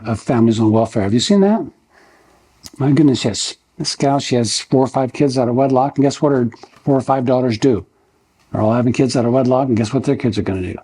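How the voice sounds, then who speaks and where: A man's voice: medium pitch, warm tone, breathy edge. An older man preaching a verse-by-verse sermon in a church. He talks in a folksy, conversational way, asks his listeners rhetorical questions, and keeps checking in with "okay?". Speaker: pastor.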